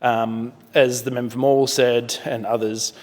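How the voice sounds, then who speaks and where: An Australian man giving a parliamentary speech in a measured way, with many fillers and self-corrections. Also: medium pitch, flat delivery, a little mellow, in a large hall. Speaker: member of parliament. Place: parliament chamber.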